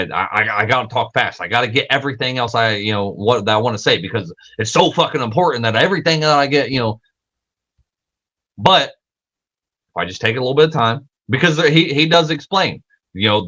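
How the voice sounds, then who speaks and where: A man's voice: medium pitch, sharp tone. A young man hosting a casual livestream, rambling and self-correcting, swearing freely, with lots of filler words. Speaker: podcast host.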